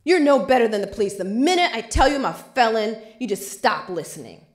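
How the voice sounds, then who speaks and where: A woman's voice: high-pitched, very animated, fairly quick, fairly bright tone, reverberant, voice pushed up. A woman voicing a desperate young man who pleads with emphatic outbursts. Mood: furious. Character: young man, desperate, angry, then remorseful.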